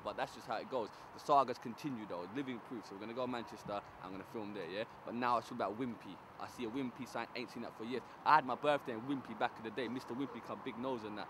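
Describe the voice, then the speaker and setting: A man's voice: medium pitch, background noise. A young man chatting in slang and joking around as he films a road-trip video diary from inside a car. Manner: slangy, chatty, jokey banter, lots of filler tags. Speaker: vlogger and performer. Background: loud music.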